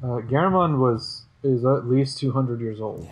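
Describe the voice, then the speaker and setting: Young man, casual co-host chat, mid pitch, rambling, fillers and restarts. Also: normal speed. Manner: chatty, hesitant, many fillers and restarts. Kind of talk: casual chat about typography.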